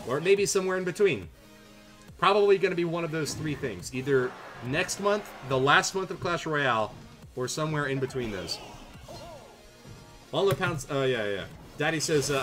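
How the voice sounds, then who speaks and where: Male streamer, pitched a bit high, bright forward tone, joking chat-reader energy with faint music underneath. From Canada. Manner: reads viewer jokes aloud, playful and self-mocking. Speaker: tournament streamer and caster. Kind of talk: casual livestream chat and game commentary.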